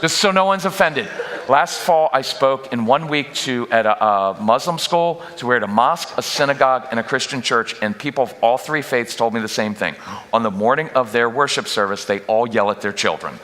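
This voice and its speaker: Bright-voiced man speaking in a reverberant church hall. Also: mid-range voice, a little fast. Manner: energetic, jokey, acts out quoted parents and kids. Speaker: guest parenting speaker. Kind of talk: live workshop talk to a church audience. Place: church auditorium.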